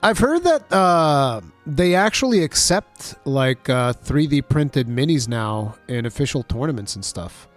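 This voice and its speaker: A man casually chatting on his stream while building models, his voice nasal and stuffy from allergies, telling stories in an animated, swearing way. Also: mid-range voice, unhurried, few pauses, faint music behind. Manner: animated, profane storytelling.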